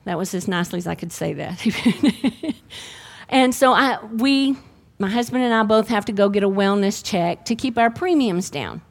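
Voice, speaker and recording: A middle-aged woman, preaching a sermon and telling her own healing testimony in a lively storytelling way. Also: medium pitch, moderate pace, gravelly.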